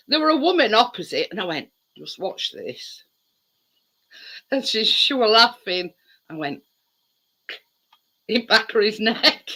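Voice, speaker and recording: Man, livestream host, very bright tone, chatty storytelling. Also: sits high. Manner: chatty storytelling with frequent laughs. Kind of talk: casual chat. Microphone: livestream video call.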